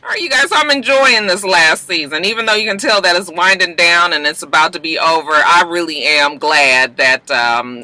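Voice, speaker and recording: A vlogger giving a casual, gossipy TV episode recap in an animated, slangy way, recording at a post office. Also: mid-range voice, low-quality recording.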